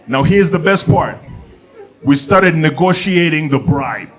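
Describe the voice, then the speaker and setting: A man doing stand-up on a club stage, his voice sitting a little higher than most men's. He tells the story with lively energy and keeps building to loud, shouted punchlines. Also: normal speed, a faint crowd. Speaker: stand-up comedian. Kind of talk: stand-up comedy set. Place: comedy club stage before a live audience.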